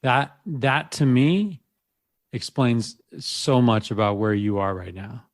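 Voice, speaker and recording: A man hosts a podcast interview at a middle pitch. He asks reflective questions and responds supportively to what his guest shares. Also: slow pace. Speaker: podcast host. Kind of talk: conversational interview.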